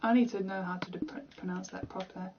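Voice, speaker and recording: At home, a young British woman streams a game, talking fast in a rambling, chatty way and making fun of herself. Her voice is fairly low with fairly even intonation, and the recording is muffled with background noise.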